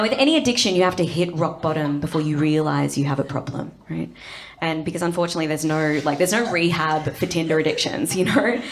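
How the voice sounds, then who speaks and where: Brief: Australian woman stand-up, bawdy and conversational, slightly low voice, live stage recording with noise behind. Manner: brash, bawdy, conversational storytelling with frequent tag questions. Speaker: stand-up comedian. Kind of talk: stand-up comedy. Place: comedy stage before an audience.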